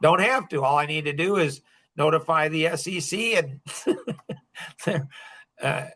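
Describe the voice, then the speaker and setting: Speaking as their coach, a man lectures a group in a high, bright, forceful voice at a measured pace. He's blunt and heavily emphatic, scolding his listeners and pushing them hard.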